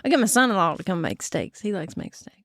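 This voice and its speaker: A woman, co-hosting a podcast in casual chat, chatty and excitable and quick to cheer. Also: medium pitch, no echo, studio quality. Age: 50s. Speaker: podcast co-host.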